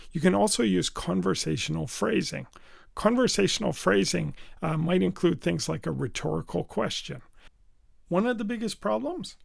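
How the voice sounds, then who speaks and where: A middle-aged man gives a business communication lesson, explaining carefully and slowing to demonstrate phrasing. His voice sits a little high for a man and is strongly gravelly, with a husky grain. The sound is dry and close. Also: no echo. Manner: clear, deliberate teaching delivery with slowed demonstration readings. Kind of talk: instructional video lesson.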